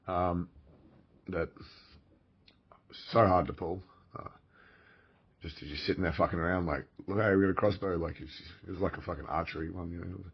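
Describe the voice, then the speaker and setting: A man's voice: low-pitched, steady tone, normal speed, gravelly, long pauses, husky. An Australian man telling a personal story in a casual, rambling, profane way, full of fillers and restarts. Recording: dull lo-fi recording.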